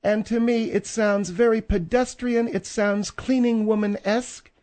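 A man's voice: high voice, steady tone, unhurried, darkish tone, pitched above the performer's own voice. A man voicing a prissy, snobbish middle-aged woman co-host on a comedy talk show, pompous and affected. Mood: haughty. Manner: pompous, affected, catty asides. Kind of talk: comedic talk radio banter.

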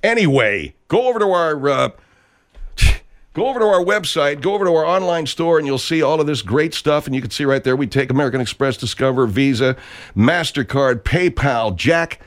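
A man's voice: medium pitch, expressive, a little fast. A man hosting a comedy talk radio show, chatty and wry as he plugs the show.

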